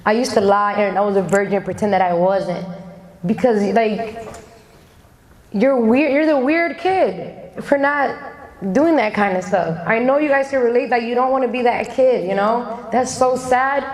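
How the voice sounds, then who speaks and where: In an echoey hall, a thirtysomething Somali woman delivers a candid, conversational motivational talk to youths, imitating friends and family members. She speaks at a measured pace in a slightly high voice.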